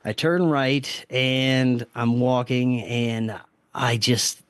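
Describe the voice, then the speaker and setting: Speaking very slowly and smoothly, this man keeps a steady tone at medium pitch, and there's no echo. He's a podcast guest sincerely relating an odd experience in a casual interview, with restarts and quoted self-talk along the way.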